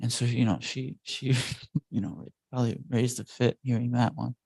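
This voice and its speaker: Gravelly man retelling a devotional tale. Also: medium pitch, level tone, normal speed, a little mellow, dry recording, low-quality recording. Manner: meandering, self-correcting. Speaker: class speaker. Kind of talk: devotional storytelling in a class.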